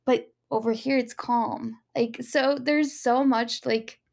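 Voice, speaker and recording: Reflective woman, slightly high voice. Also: steady tone, slow pace, creaky, a little mellow. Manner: reflective, many fillers like "like" and "um". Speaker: podcast co-host. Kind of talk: casual spiritual chat.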